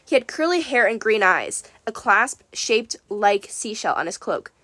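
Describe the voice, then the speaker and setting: A woman narrating a first-person story in a wry, lively way. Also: on the high side, measured pace, dry recording. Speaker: audiobook narrator.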